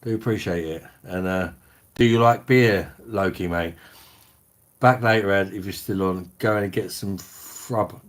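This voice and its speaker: Hosting a laid-back beer review stream from his home, a deep-voiced, middle-aged British man speaks bluntly, sprinkling in swearing and slang and replying to comments as they come. He talks a little slowly.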